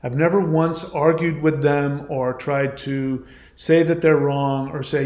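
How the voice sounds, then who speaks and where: A man's voice: on the high side, fairly even intonation, measured pace, hardly any pauses, a little mellow. Emphatic man in an echoey room. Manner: emphatic, argumentative, repeats points. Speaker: channel host. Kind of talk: monologue responding to a viewer comment.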